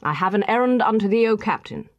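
A woman's voice: mid-range voice, animated, quick pace, no echo, dull audio, pitched above the performer's own voice, close to an everyday voice. A woman reading the part of a stern middle-aged clergyman who talks brusquely, like an officer chiding his men.

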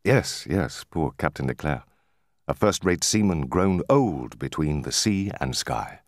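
A man's voice: a bass voice, very animated, a little slow, no echo, clean studio sound, heavily acted. Man doing a sly, fawning clerk. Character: smug fawning young male clerk, spiteful. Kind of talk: audiobook character voice.

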